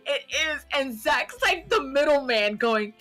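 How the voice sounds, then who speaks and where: Young woman co-host, higher voice, animated storyteller who laughs and swears. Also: unhurried, faint music behind. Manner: animated, laughing, swears freely, acts out quotes. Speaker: podcast co-host. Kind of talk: casual storytelling chat.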